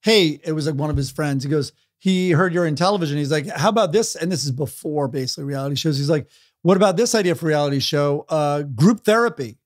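Slightly high-voiced male comedian guest. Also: fast. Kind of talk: casual chat.

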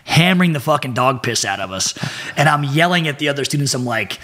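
A middle-aged man, a former Marine and SEAL, telling profane, animated stories as a podcast guest and acting out what others said. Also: mid-range voice, fast, a little hiss or hum. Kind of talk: casual storytelling.

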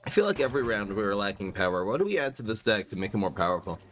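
A man giving casual, excitable commentary while playing a card video game, breaking into sudden exclamations. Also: fairly low pitch, racing, slight background noise. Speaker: gaming YouTuber.

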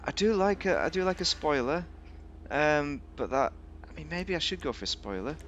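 A man's voice: a little high, lively intonation, normal speed, a bit bright, slight background noise. A man giving rambling, joking commentary while reviewing a video game. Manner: rambling, chatty, jokey asides. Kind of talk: casual gameplay commentary.

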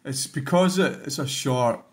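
A man's voice: medium pitch, a little slow. An older man with a Scottish accent rambles through a channel update in an ordinary mid-range voice. He mutters along in a loose, offhand way and swears bluntly whenever something annoys him. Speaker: YouTuber giving a channel update. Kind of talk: casual rambling chat.

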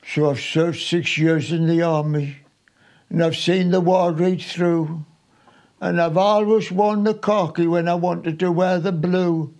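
A plain-spoken young North East English lad tells his story in rhyming dialect verse, as a man in his nineties recites it. The lines roll out slowly with a sing-song lilt. The voice sits fairly high for a man. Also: steady tone, darkish tone. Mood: wry. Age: 90s. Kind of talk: reciting a poem in local dialect.

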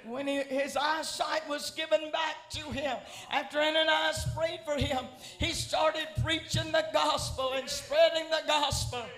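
A man preaching a shouted revival sermon in a rhythmic, repetitive, chanting cadence. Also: very high voice, little pitch movement, unhurried, hardly any pauses. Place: church sanctuary. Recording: echoey church with faint music.

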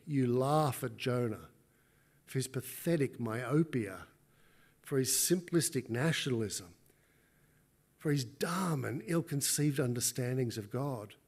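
A man with an Australian accent preaching a sermon in an animated, conversational way. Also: mid-range voice. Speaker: pastor.

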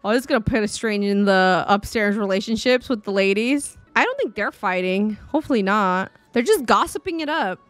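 A woman giving casual, chatty commentary while streaming a life-sim game, exclaiming and reacting loudly. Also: medium pitch, expressive, brisk, hardly any pauses, no room sound, faint music behind. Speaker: gaming streamer. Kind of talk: casual let's-play commentary. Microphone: desktop studio mic.

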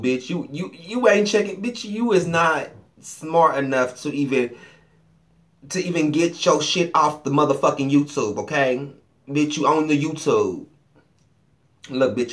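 Guy ranting about a reality show, foul-mouthed and sassy, mid-pitched, slips into low mutters a lot. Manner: sassy, profane, shade-throwing; drops often into low muttered asides. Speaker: YouTube reality show reviewer. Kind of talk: casual recap commentary.

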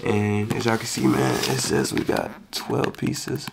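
A young man chats straight to camera from home, rushing his words and filling them with casual slang. His voice sits low and carries a gravelly rasp. The talk runs quick and loose. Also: fairly even intonation, very noisy. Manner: talks fast and rushes his words; loose, slangy, peppered with "you feel me". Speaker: vlogger. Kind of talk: casual vlog chat to camera.

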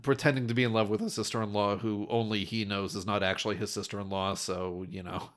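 A man co-hosting a casual podcast chat, talking in halting bursts with many restarts and fillers, and laughing often. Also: fairly low pitch, fairly even intonation, a bit bright. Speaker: podcast co-host.

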